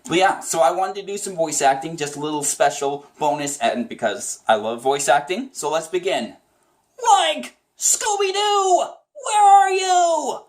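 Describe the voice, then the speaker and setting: A man's voice: fairly high pitch, moderate pace, hardly any pauses, echoey room. A man giving a casual, chatty tutorial on doing a cartoon voice, enthusiastic and rambling. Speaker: voice impression tutor.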